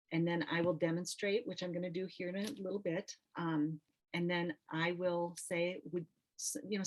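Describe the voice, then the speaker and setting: A middle-aged woman who is an artist and nurse, teaching an online training workshop in a relaxed, conversational way with frequent ums and restarts. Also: sits low, poor audio. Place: home or studio, video call. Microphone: computer mic on video call.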